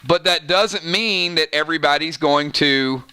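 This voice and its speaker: A man hosting a gaming channel livestream, chatting casually and reading out viewer comments with quick asides. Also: a little high, clear, resonant tone. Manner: chatty and animated, quick asides, frequent "right?".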